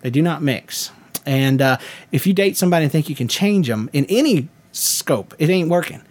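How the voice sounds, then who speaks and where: A man puts on a loud, charismatic Southern preacher with a folksy twang. The voice sits a bit high and swoops all over. The delivery is emphatic in a mock sermon. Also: expressive, moderate pace. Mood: preachy.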